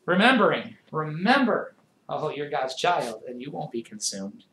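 A man preaching a sermon as pastor, swinging between forceful emphasis and hushed, quiet passages. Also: on the high side, very animated, normal speed, roomy sound, slight background noise, low-quality recording.

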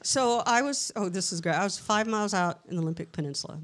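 A woman's voice: medium pitch, fast. A middle-aged woman, a paranormal researcher, telling anecdotes in a casual live interview and acting out the dialogue in them. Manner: chatty, tells anecdotes with lively quoted dialogue. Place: historic castle hotel event room.

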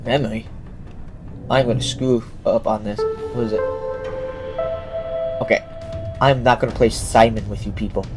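Over game music, a young gameplay commentator jokes as he plays and answers the characters back. He speaks on the low side at normal speed, with fairly even intonation and long pauses.

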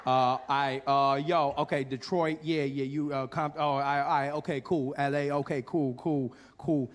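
A man's voice: mid-range voice, fairly even intonation, measured pace, natural voice. A man putting on a stammering, flustered comedian. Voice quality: stammering, slangy, repeats "man" and "yo". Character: flustered, excitable American male comedian, stammering.

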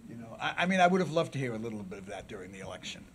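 A man giving a public lecture at a symposium, with dramatic swings from loud declaiming to a near-whisper, and asides to the audience. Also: mid-range voice, very animated, very fast, a little hiss or hum. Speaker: symposium speaker.

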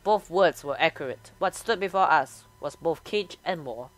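A woman's voice: deep voice, lively intonation, moderate pace, faint music behind. A woman hosting a gaming channel, reading a visual novel aloud and voicing every character herself.

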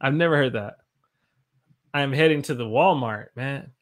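A man's voice: mid-range voice, normal speed. A man from the South, teaching English on a live stream and reading out chat comments in an upbeat, playful way. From Southern United States. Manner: upbeat, reads chat aloud, playful voices.

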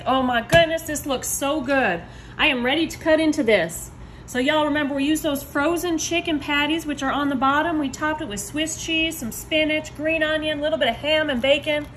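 A woman's voice: high-pitched, a bit bright, a little hiss or hum. A woman hosting a casual home cooking demo, chatty and upbeat, calling her viewers y'all. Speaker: home cook host.

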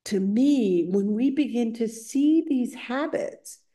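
In a retreat center meditation hall, a woman with a fairly high, dark-toned voice takes her time delivering a dharma talk. As a meditation teacher, she reads scripture in a searching, conversational way, repeating phrases.

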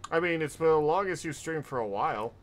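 A man's voice: on the high side, expressive, quick pace. A young man hosting a casual VTuber reaction stream, chatty, with short reactions.

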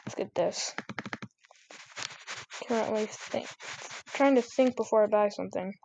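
A woman giving casual, chatty commentary over her gameplay, getting excitable and repeating exclamations when things get tense. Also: mid-range voice, a little slow, creaky, noisy background.

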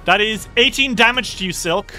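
Acting as game master for a tabletop game, a man narrates combat vividly in a friendly, descriptive way and groans at bad rolls. His high-pitched voice is pushed and bright at a moderate pace, with faint music in the background.

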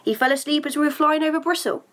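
Big soft-hearted giant man, as a woman reader puts him on, stammering when upset, fairly high voice, storybook read-aloud. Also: fast. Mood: gentle. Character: huge gruff kind-hearted male giant groundskeeper.

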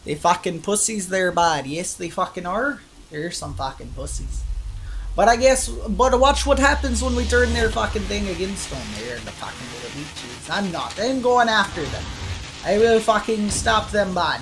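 A woman streaming a racing game live, commenting as she plays, swearing and trash-talking other players and breaking into excited shouts. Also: a little high, moderate pace.

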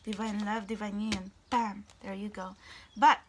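A woman giving a tarot reading to her viewers, excitable and exclamatory, sometimes dropping to a whisper. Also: mid-range voice, moderate pace, slight background noise. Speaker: tarot reader.

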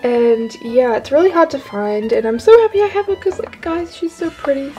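Excitable teen girl vlogger, high mellow voice, rambling haul talk, faint music underneath. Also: moderate pace, rough recording. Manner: gushing, rambling, lots of "like" and "oh my gosh". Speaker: toy collector vlogger.

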